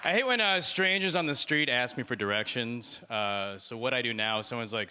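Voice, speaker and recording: A man from Missouri doing a stand-up comedy set with a dry, deadpan delivery, breaking into quick voices for his characters. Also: mid-range voice, smooth. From Missouri, USA.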